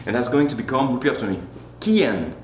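A man's voice: mid-range voice, racing. A man teaching a lesson, playful and joking, leading repeat-after-me drills. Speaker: Spanish teacher. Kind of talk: classroom lesson. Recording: roomy echo with faint hum.

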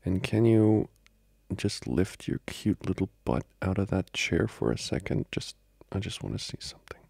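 A young man voicing a needy, playful boyfriend in a whispered role-play, speaking in soft, intimate whispers broken by giggles. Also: low-pitched, animated, moderate pace, creaky, breathy edge, no room sound, full character voice. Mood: playful, coaxing. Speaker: ASMR role-play creator.

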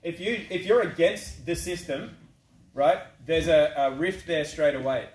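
A man's voice: on the high side, unhurried. A man speaking as a guest to an assembly, answering questions from the floor in a plain-spoken way. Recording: echoey hall from far off, faint noise.

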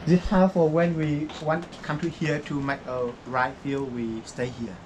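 Local guide in halting English, noisy outdoors. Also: mid-range voice, flat delivery. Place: outdoors in a farm village. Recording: noisy outdoor camera audio.

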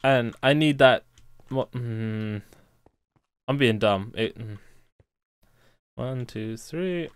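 A young man hosts a let's play, chatting casually and thinking aloud to himself as he builds. His medium-pitched voice is clean and extremely slow, with frequent pauses, captured in a dry, studio-quality recording.

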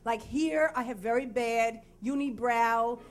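A woman's voice: a little high, measured pace. A woman in her thirties telling a frank, self-deprecating comic story on stage before a live audience, sounding sleep-deprived.

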